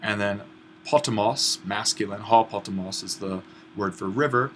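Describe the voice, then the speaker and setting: In this online grammar lesson, a Greek teacher whose voice sits fairly low guides students through an exercise with patient explanations. He often halts and begins again, filling pauses with soft "uh"s while he reasons it out, at normal speed and with a slightly bright tone. Quiet room ambience hums in the background.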